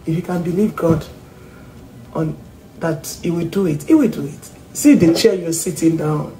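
Woman, devotional speaker, earnest emphatic delivery, warm tone, reverberant room. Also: sits low, expressive, normal speed, pauses often, faint music behind. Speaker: Christian speaker. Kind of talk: devotional message. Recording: roomy echo with faint ambience.

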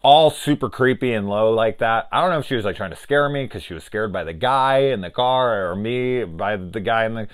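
Low-voiced man ranting about films. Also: fairly quick, hardly any pauses, smooth. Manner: profane, rambling storyteller, sarcastic asides. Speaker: film reviewer. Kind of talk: casual film review rant.

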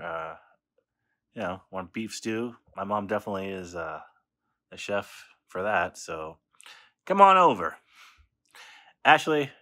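Deep-voiced man, playful birthday message. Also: a bit bright. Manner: playful, teasing, halting with fillers.

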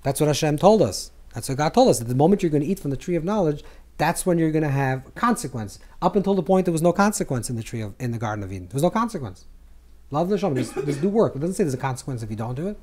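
A man teaching a Kabbalah lesson to a live group, animated, repeating words as he searches for phrasing and acting out scripture dialogue. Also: quick pace. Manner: acts out scripture dialogue with swings in pitch and volume.

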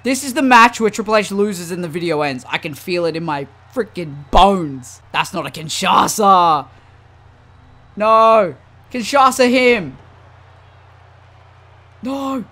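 A man giving casual, slangy commentary over a wrestling video game, swinging from low muttering to excited shouts. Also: slow pace, pauses often. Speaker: gaming YouTuber.

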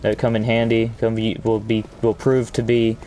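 A man's voice: fairly low pitch, monotone, moderate pace, dark tone, a little hiss or hum. A man giving crude, joking commentary while playing a video game, breaking into mock-outraged rants. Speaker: gaming channel host. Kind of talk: gameplay commentary.

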